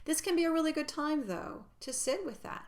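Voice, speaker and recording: A woman giving a reflective personal growth talk in a gentle, reassuring way, sometimes dropping to a soft near-whisper. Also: high voice, expressive, brisk.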